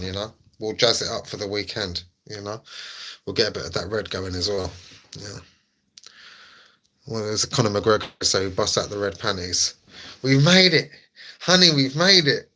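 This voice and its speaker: A man's voice: fairly low pitch, bright, forceful tone, a little hiss or hum. A young man hosting a livestream, chatting casually and joking as he reads out viewer messages. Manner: laid-back, jokey, reads chat aloud. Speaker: livestream host.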